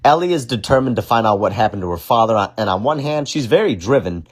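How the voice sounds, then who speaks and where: A man's voice: mid-range voice, expressive, fast talker, husky. A man hosting a casual film review, joking crudely and swearing often. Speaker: movie review host. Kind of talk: casual profane film commentary.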